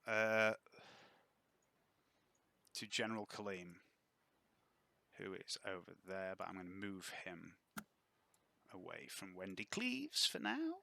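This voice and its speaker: A man running a tabletop role-playing game as game master, narrating scenes in a chatty, lively way. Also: on the low side, vocal fry, no room sound.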